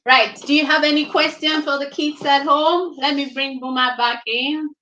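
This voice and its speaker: A woman hosting a children's reading show over a video call, briskly questioning and coaxing the young readers like a teacher. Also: high-pitched, fairly even intonation, bright, forceful tone, echoey room, highs cut off, a little hiss or hum. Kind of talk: casual chat quizzing children.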